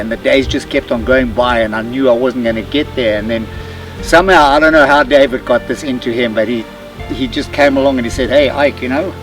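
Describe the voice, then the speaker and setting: A man's voice: mid-range voice, recorded from a distance, rough recording. A man in his seventies with a South African accent, a veteran motocross racer chatting cheerfully to the camera and laughing easily. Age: 70s. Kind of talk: casual talk to camera.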